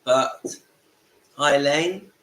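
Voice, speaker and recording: A man with a croaky voice from a cold hosts a casual livestream from his home, chatting and greeting viewers by name. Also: on the high side, very slow, a bit bright, echoey room, low-quality recording. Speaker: livestream host. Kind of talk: casual live-stream chat.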